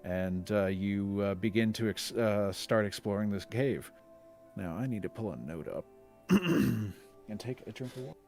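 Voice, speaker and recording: A man narrating a tabletop game as game master over a video call, pausing often with uh fillers. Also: fairly low pitch, lively intonation, gravelly, darkish tone, soft background music. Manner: halting narration full of uh fillers.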